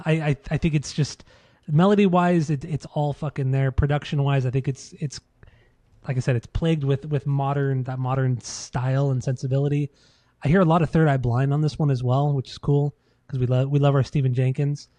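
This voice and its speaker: A man's voice: mid-range voice, dark tone, no room sound. A man co-hosting a podcast, chatting casually and profanely about albums in a loose, rambling way. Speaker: podcast co-host. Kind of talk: casual music review chat.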